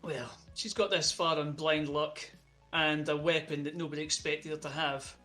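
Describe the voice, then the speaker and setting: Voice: mid-range voice, steady tone, normal speed, pushed and bright, lightly acted. A game master voicing Samson, a stern, loyal guard who talks down to a rival with stiff, condescending manners, over faint music. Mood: disdainful.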